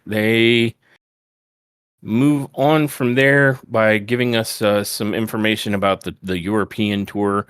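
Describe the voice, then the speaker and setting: A man's voice: on the low side, steady tone, slow, fairly bright tone, clear, resonant tone, no room sound. A man hosting a podcast, casually recapping a wrestling show step by step on a close mic. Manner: retells events step by step, quoting wrestlers. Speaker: podcast host.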